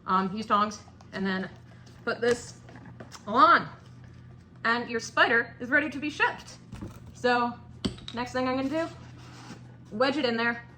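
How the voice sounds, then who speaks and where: A woman's voice: fairly high pitch, unhurried, long pauses, sharp tone, a little hiss or hum. A young woman keeping tarantulas, giving a casual, chatty how-to tutorial with emphatic points and cooing asides. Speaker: tarantula keeper demonstrating shipping.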